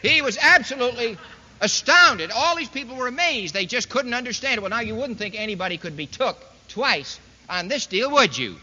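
A man with a very high, expressive voice speaks fairly quickly and sharply to a live audience. His political speech is folksy, sarcastic, and heavy on rhetorical questions. The sound is dull and lo-fi, echoing in a large hall.

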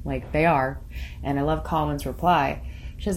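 A worn-out woman hosting her own show, talking in a halting way with nervous laughs, close to tears. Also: sits low, steady tone, a little hiss or hum. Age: young adult to middle-aged parent. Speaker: podcast host. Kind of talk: casual solo commentary reading listener comments.

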